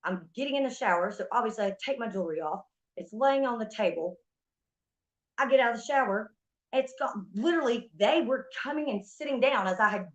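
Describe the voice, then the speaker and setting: A young woman streamer telling a story in a heated, profane rant, venting about a stolen ring. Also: medium pitch. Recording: dull lo-fi stream audio.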